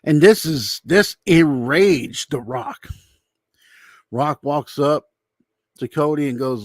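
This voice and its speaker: A man's voice: on the high side, slow, pauses often, no room sound, studio quality. A man giving a casual, rambling spoken recap with his opinions, acting out quotes as he tells them. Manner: loose, rambling retelling, acts out quotes. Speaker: YouTube commentator.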